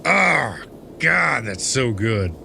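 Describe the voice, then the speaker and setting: A man's voice: mid-range voice, lively intonation, unhurried, a bit bright, a little hiss or hum. A young adult man streaming a game, chatting casually and laughing, often repeating himself. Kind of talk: casual live-stream chat.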